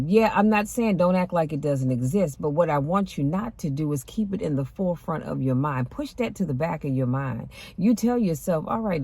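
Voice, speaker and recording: Lady talking faith and self-worth, low voice, preachy, keeps going "come on now". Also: darkish tone, no room sound. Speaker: host. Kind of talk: inspirational faith talk. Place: parked car.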